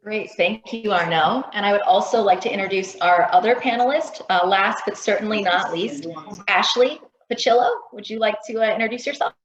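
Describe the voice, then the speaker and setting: A woman's voice: mid-range voice, fairly quick, few pauses. A woman attorney co-moderating a virtual panel, polite, with frequent ums. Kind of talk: panel introductions. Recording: roomy lo-fi call audio.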